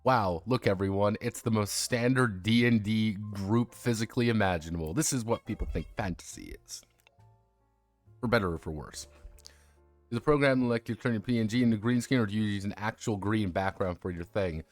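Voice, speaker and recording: A man with a somewhat low voice chats casually on a home livestream. He rambles and jokes at his own expense, often restarting his sentences. The sound is dry and close, with faint music underneath. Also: fairly quick, no echo. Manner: rambling, jokey and self-mocking, with frequent restarts. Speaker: streamer discussing tabletop games.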